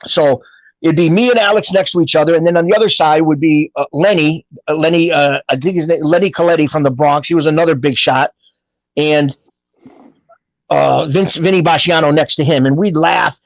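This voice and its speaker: Animated New man telling stories. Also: a little high, brisk, dry recording, highs cut off. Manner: animated storyteller who acts out quoted voices. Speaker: guest telling his life story. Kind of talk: casual storytelling.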